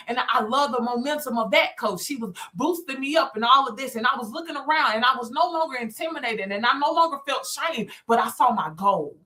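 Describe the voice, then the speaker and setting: Woman, 30s; high, bright, punchy motivational storyteller who talks straight to "y'all.". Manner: emphatic, repeats phrases, addresses listeners as y'all. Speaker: business coach and speaker. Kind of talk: motivational testimony to viewers.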